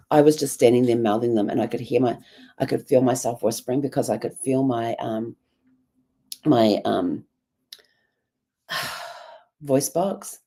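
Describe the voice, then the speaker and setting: A middle-aged woman with a New Zealand accent, hoarse and raspy from a bad cough, talking in a rambling, reflective way with many ums. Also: extremely low pitch, dark tone. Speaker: journalling vlogger. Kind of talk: casual reflective monologue.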